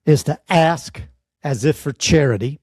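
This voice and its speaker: A man teaching in an earnest, exhorting sermon style, fond of pointed rhetorical questions and deliberate dramatic pauses. His voice sits somewhat high for a man, and the sound is close and dry with no room echo. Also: a little mellow. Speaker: preacher and teacher.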